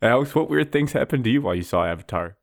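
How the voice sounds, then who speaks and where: A man's voice: medium pitch, expressive, fast talker, gravelly, dry recording, studio quality. A young man hosting a podcast in a casual, laid-back way, asking questions. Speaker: podcast host. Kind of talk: casual chat.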